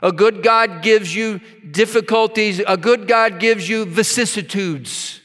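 A man's voice: sits high, unhurried, a bit bright. A man preaching a sermon, reading scripture aloud and stopping to stress words with his own asides. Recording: long hall reverb.

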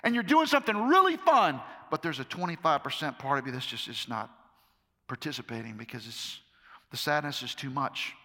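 A man's voice: mid-range voice, animated, fairly quick, sharp tone. A middle-aged man preaching a sermon to a live audience, talking conversationally with emphatic repetitions. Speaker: pastor. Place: large hall with a live audience. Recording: echoey hall reverb.

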